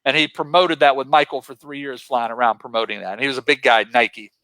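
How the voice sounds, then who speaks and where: A man from western Pennsylvania, a guest motivational speaker, telling stories with excitable, punchy emphasis. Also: medium pitch, fast talker, no echo, low-quality recording. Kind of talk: energetic storytelling.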